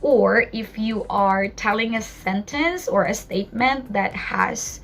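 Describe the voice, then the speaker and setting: A woman's voice: mid-range voice, takes it slowly, creaky, a bit bright, faint music behind. A young woman from the Philippines teaching an English lesson, explaining patiently with spoken examples.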